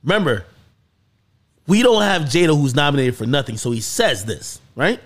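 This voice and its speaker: Male podcast host, higher-pitched, very expressive delivery, casual and profane. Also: moderate pace. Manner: animated storytelling, swearing, rising to high excited peaks.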